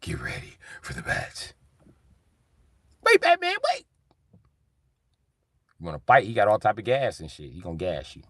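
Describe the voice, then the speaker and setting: Streamer man, gravelly and husky, rowdy comic riffing, very lively pitch. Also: normal speed, long pauses, dry recording, clean studio sound. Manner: rowdy, joking, laughing between bits. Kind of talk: comedic livestream riffing.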